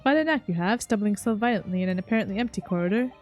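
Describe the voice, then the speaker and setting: A woman's voice: mid-range voice, very fast, darkish tone, soft background music, voice pushed down, lightly acted. A woman voicing an earnest young man who speaks with dry, polite sarcasm. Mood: wry.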